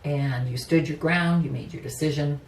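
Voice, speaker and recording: This low-voiced woman talks at a normal speed while giving a laid-back tarot reading, personal and chatty, punctuated by easy laughter and plenty of "you know." A little hiss or hum is audible, and the distant mic captures roomy echo and faint ambience.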